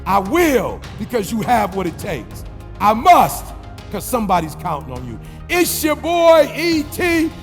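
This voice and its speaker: A man's voice: high voice, very animated, normal speed, hardly any pauses, long reverb tail, soft background music. A man giving a rousing commencement speech, chanting call-and-response lines. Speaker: commencement speaker. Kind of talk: motivational speech.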